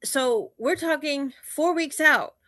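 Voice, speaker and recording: An animated woman guest on a video call. She tells her story in quick bursts and quotes her own thoughts. Her voice is bright and a little high, and the sound is dry and close. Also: no echo. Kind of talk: casual video chat interview.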